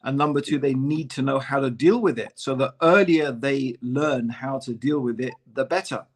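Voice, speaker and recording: Brief: man, podcast co-host, lively casual talker, mid-pitched, fills with "you know". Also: moderate pace. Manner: conversational, animated, many "you know" fillers. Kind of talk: casual discussion.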